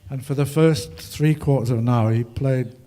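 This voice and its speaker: At a festival, an older ragtime musician shares rambling, funny stories with his audience in a mellow, mid-range voice at normal speed. Fillers crop up throughout his anecdotal talk.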